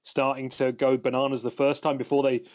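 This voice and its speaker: A man's voice: medium pitch, little pitch movement, fairly quick, a little mellow. Guy on a podcast, rambly, lots of um and you know. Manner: rambling, lots of fillers and restarts. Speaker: podcast host. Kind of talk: casual chat.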